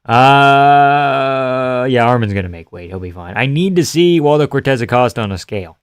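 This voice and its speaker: Smooth-voiced man casually chatting on a stream. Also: mid-range voice, expressive, moderate pace, dry recording, clean studio sound. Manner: joking, swears casually. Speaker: live streamer. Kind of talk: casual chat while reading live comments.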